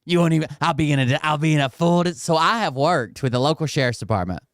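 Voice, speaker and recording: A Tennessee man hosts a reaction commentary channel, casually mocking the clips he plays with sarcasm and swearing. His voice sits on the high side, animated and fast, captured in a dry, clean studio recording.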